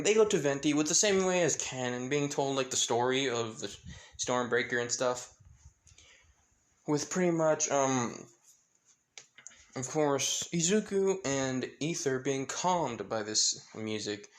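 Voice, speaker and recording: A man's voice: mid-range voice, a little slow. Man rambling through a fan story. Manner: rambling, filler-heavy asides. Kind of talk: casual fan-fiction narration.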